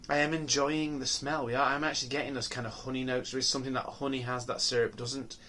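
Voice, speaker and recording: A man in mid-range pitch talks through a beer tasting on his own show. He rambles and muses aloud, trailing off, restarting and asking himself questions as he sniffs and sips. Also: flat delivery, quick pace, bright, forceful tone, a little hiss or hum. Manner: rambling, musing, lots of ums and restarts. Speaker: beer reviewer. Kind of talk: casual review monologue.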